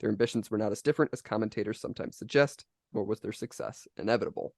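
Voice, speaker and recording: A man's voice: fairly low pitch, very fast, gravelly, darkish tone, no echo, studio quality. An American man co-hosting a casual podcast discussion, reading quotes from a book and talking with frequent "um" and "you know". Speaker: podcast co-host.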